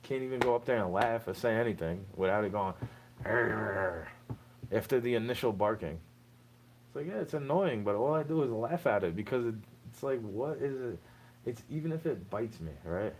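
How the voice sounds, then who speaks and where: A man's voice: mid-range voice, expressive, brisk, a little mellow, slight background noise, low-quality recording. A young man talking straight to the listener in a rambling, aggrieved monologue, tossing in "bro" again and again. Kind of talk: unscripted monologue rant.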